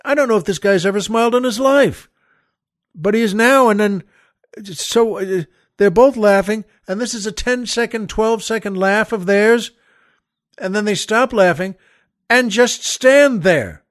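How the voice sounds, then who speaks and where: A man's voice: high voice, unhurried, dry recording, clean studio sound. A man hosting a show, telling a comic story in an exasperated, rambling, incredulous way. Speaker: podcast host.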